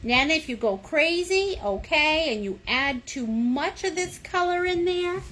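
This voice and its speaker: Bubbly, animated woman teaching painting. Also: high voice, measured pace. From United States. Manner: chatty, playful, encouraging, sings little sound effects. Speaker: painting instructor. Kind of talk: livestream painting lesson. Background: fan running.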